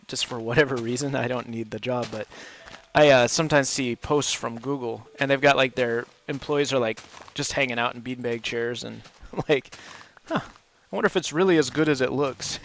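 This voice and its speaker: A man's voice: medium pitch, a bit bright, a little hiss or hum. A man chatting casually while he hosts a game livestream, rambling and laughing often. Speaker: livestream host, English teacher. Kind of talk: casual chat while gaming.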